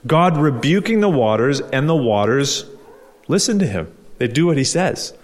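A man's voice: medium pitch, very animated, normal speed. A male pastor preaching a conversational sermon, asking rhetorical questions and repeating key phrases for emphasis. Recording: long hall reverb.

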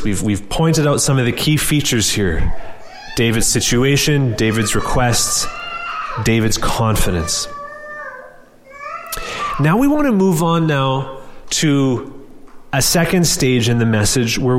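A man's voice: mid-range voice, sing-song, measured pace, long reverb tail, slight background noise. A man preaching a sermon in an earnest, direct way, often restarting and repeating words.

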